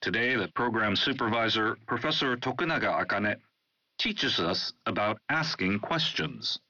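Guy announcing show segments, low-ish voice, dry slightly muffled audio. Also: moderate pace, dry recording. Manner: lively, segment-introducing announcer delivery. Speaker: program announcer. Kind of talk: scripted announcing.

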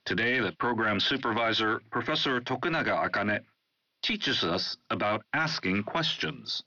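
A man introduces each segment of an educational program in a very bright, sharp voice whose pitch moves a lot. His studio sound is dry and somewhat muffled. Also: expressive, dry recording. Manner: announcing segments in an upbeat, measured way. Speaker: program host. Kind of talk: scripted radio hosting.

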